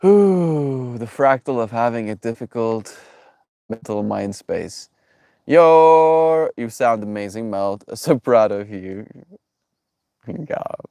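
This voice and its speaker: A man with a stuffy, congested voice talks gently to his chat, greeting viewers by name and musing out loud. His voice sits low, and the sound is dry and close, with no room echo. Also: steady tone, unhurried, vocal fry. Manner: reflective, affectionate, reads chat names aloud. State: stuffy nose. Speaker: streamer. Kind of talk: casual live-stream chat with viewers.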